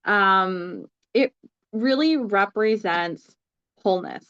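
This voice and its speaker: A woman's voice: mid-range voice, slow pace, a bit bright, smooth. Lady tarot reader chatting casually, lots of ums, bit muffled sound. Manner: thoughtful, lots of fillers. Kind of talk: casual chat.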